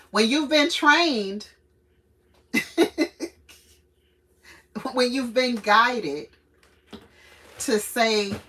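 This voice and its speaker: A woman's voice: a little high, far from the mic, low-quality recording. A woman hosting a casual livestream, telling stories and ranting with frequent laughter and acted-out quotes. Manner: animated, acts out quotes. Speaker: channel host and mother.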